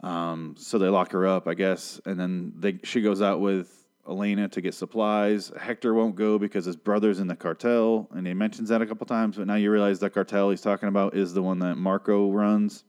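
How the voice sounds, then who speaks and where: A man's voice: fairly low pitch, level tone, normal speed, a little mellow, smooth. A man hosting a podcast, recapping a TV show in a rambling, sarcastic, profane solo rant.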